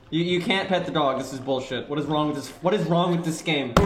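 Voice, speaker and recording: A man's voice: a little high, fast talker, hardly any pauses, echoey room, a little hiss or hum, rough recording. A man commenting on a video game as he plays, ranting and swearing in exasperation. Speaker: gaming streamer.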